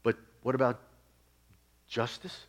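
A man preaching a sermon in a conversational way, asking his listeners rhetorical questions and swinging from loud exclamations down to hushed, near-whispered lines. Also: mid-range voice, steady tone, slow pace.

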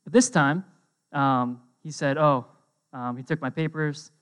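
A young man preaching a casual sermon, conversational and animated, often checking in with his listeners. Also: fairly high pitch, a little slow, clean tone. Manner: conversational, lots of "um" and "right?"; animated storytelling.

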